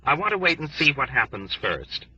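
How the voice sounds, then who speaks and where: A man voicing a wary, sardonic young airman who speaks in an urgent, hushed way. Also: mid-range voice, very animated, normal speed, breathy edge, no echo, far from the mic, highs cut off, pitched above the performer's own voice, full character voice. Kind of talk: audiobook character voice.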